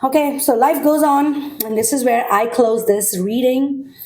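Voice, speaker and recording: A woman's voice: high voice, a little slow, darkish tone. A woman giving a collective tarot reading, talking directly and reassuringly and often checking in with "okay?". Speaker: tarot reader.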